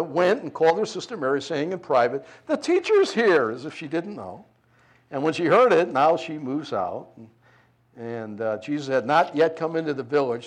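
A man preaching a sermon, reading scripture and explaining it in an expressive, conversational way, moving between loud emphasis and hushed tenderness. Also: on the high side. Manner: conversational asides with light chuckles.

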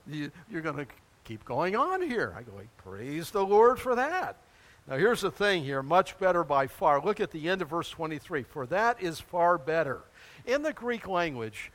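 An older man, a pastor, preaching a sermon in an animated, exclaiming way, full of rhetorical questions and quick restarts. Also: a little high.

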